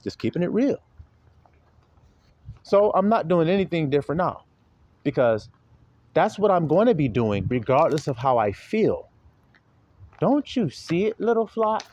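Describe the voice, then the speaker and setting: A man preaching an informal sermon to his followers, talking in slang and laughing often as he swings between soft and loud. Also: on the high side, big pitch swings, measured pace, long pauses.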